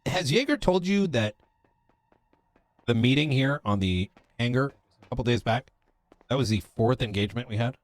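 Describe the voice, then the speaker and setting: A man's voice: medium pitch, expressive, normal speed, long pauses. A man playing a police officer in a roleplay game, talking in character in an earnest, lecturing way, stopping often with fillers.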